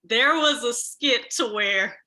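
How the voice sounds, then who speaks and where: Bright-voiced woman host, halting questions. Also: fairly high pitch. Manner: hesitant questions with many fillers, lively when retelling a sketch. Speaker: podcast host. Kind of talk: casual interview chat.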